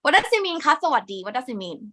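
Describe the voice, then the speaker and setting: Woman, Thai accent, language teacher, bright animated pitch, encouraging live lesson. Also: rapid-fire. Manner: lively and encouraging, mixing in Thai particles.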